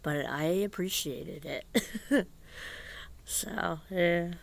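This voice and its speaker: A man vlogging outdoors in a casual, rambling way, halting and hesitant, rueful and confiding, sometimes dropping to a hushed near-whisper. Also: high-pitched, creaky. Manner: halting and hesitant, with repeated fillers and restarts. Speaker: vlogger and musician.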